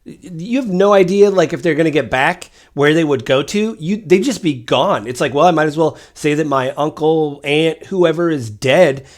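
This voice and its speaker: A man co-hosting a podcast, chatting casually about politics with rambling, animated storytelling. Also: a little high, normal speed, few pauses. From Washington State. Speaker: podcast co-host.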